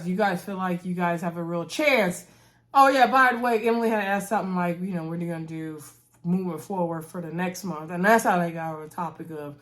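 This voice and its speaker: A woman casually recapping a reality TV episode, chatty and animated, acting out what the cast said and calling out to her viewers. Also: medium pitch. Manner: chatty, animated, acts out quotes of cast members; uses "y'all" and "girl".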